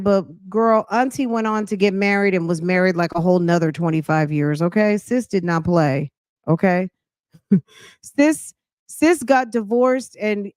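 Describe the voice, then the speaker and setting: Talking directly to her audience in slang-filled casual commentary, this podcast host sounds slightly breathless. Her voice is on the low side with a darkish tone, captured in clean studio sound with no room reverb.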